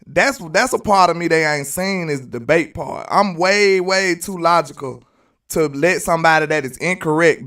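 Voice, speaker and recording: A man's voice: high-pitched, a bit bright, recorded from a distance. A man with a Southern US accent hosting live sports commentary, arguing emphatically and repeating his points. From Alabama, US. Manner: argumentative and emphatic, repeats phrases. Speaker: sports channel host.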